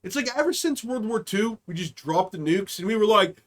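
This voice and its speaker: A man's voice: sits high, animated, fairly quick, fairly bright tone. A man hosting a comedy podcast, ranting in a profane, rambling monologue and slipping into mocking voices. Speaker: podcast host. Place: home streaming setup.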